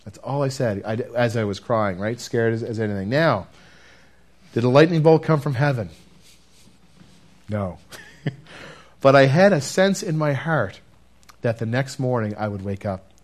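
A man preaching a sermon and telling his testimony earnestly, talking straight to the congregation and dropping to a hush at key moments. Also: mid-range voice, expressive, unhurried, long pauses. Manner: earnest, addresses listeners directly, swings from loud to hushed.

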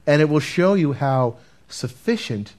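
A man preaching a sermon and telling his testimony earnestly, talking straight to the congregation and dropping to a hush at key moments. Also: fairly high pitch, lively intonation, unhurried. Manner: earnest, addresses listeners directly, swings from loud to hushed.

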